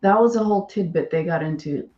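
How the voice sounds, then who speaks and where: A woman's voice: on the low side, fast talker, dark tone, roomy sound, highs cut off. A woman co-hosting a podcast, bluntly explaining legal points in casual discussion.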